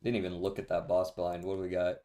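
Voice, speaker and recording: Dry-humored young male streamer, low voice. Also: completely flat delivery, quick pace, mellow. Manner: dry, sarcastic, swears freely. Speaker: game streamer. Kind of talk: casual gameplay commentary.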